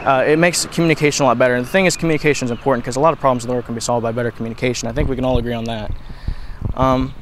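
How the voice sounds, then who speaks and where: Young man, mid-pitched, rambling lecture delivery with restarts, faint noise behind. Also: steady tone, racing. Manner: rambling, with frequent restarts and fillers. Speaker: video lecturer. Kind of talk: unscripted explanatory talk.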